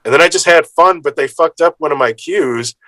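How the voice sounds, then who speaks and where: A man, an improv performer, telling a casual anecdote with lively energy, acting out other people's lines and swearing freely. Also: fairly high pitch, fairly quick, no room sound, rough recording.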